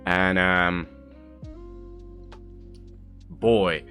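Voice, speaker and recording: A young man from Ireland tells a story on a livestream in a casual, animated way, swearing, laughing and acting out the people in it. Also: low voice, drawn-out words, faint music behind. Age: young adult. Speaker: streamer.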